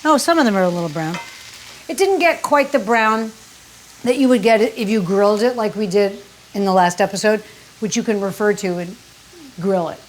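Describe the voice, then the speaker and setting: In her kitchen, a cooking show host gives a relaxed demonstration, talking candidly, teasing herself and bursting into exclamations. She has a medium-pitched voice at a moderate pace, and the poor audio has a little hiss or hum.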